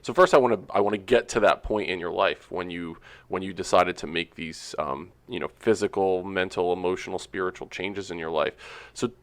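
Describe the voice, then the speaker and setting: A man hosting a podcast interview, reflective and halting as he asks his questions. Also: deep voice. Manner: reflective, halting, many fillers. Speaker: podcast host.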